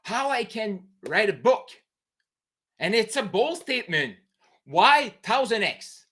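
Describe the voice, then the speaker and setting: A man with a French Canadian accent, a native French speaker, giving a fervent, halting monologue as an entrepreneur coach on a late-night live stream. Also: high voice, sing-song, a bit bright, husky. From New Brunswick, Canada. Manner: emphatic, fervent, halting non-native English with broken phrasing.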